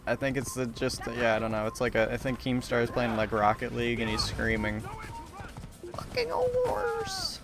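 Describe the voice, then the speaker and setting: A man's voice: medium pitch, level tone, fast, hardly any pauses, over music. Young man rambling while streaming a game. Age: young adult. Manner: rambling, profane, self-mocking. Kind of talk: casual rambling commentary while gaming.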